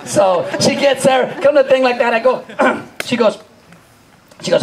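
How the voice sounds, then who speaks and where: An animated male stand-up comedian with a high voice tells a story live. He laughs often, acts out scenes and keeps asking the crowd questions. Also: normal speed, rough recording.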